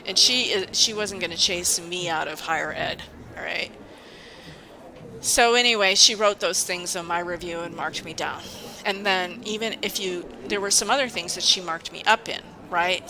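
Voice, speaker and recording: A woman venting in a casual vlog, emphatic and indignant, full of restarts and asides. Her voice is bright and tense, with a medium pitch. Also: normal speed, poor audio. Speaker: university staff member.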